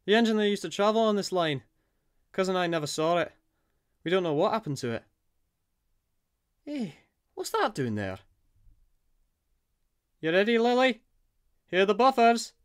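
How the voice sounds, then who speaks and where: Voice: medium pitch, very animated, moderate pace, pauses often, smooth, lightly acted. A voice actor playing a cheerful, laid-back, small magical surfer man who chats casually and calls people cuz. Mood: easygoing. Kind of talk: fan voice acting.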